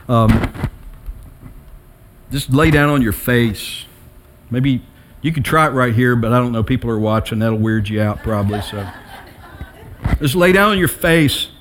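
In his sermon, a middle-aged pastor with a mid-range voice shares personal stories, moving from quiet reflection to emphatic rises.

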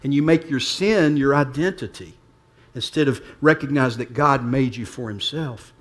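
A pastor preaching a sermon to his church, talking plainly and swinging between hushed asides and emphatic points. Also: medium pitch, moderate pace.

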